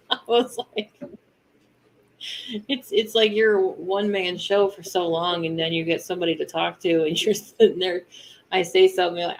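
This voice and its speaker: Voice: mid-range voice, steady tone, moderate pace, long pauses, a little hiss or hum, poor audio. A co-host in a casual live chat, chatty, often laughing and losing the thread mid-thought.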